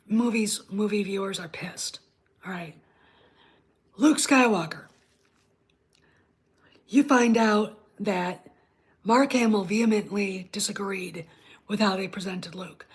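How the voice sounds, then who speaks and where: With a husky, mid-range voice, this woman hosts her own online show. She delivers a casual livestream rant, blunt and full of swearing, aimed directly at her live chat.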